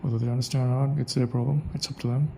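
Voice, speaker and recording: A man's voice: medium pitch, level tone, rapid-fire, creaky, dark tone, a little hiss or hum, rough recording. A young man thinking aloud in a casual monologue, repeating phrases as he tries out a way of speaking. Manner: muses aloud, repeats phrases to try them out. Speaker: accent practice vlogger.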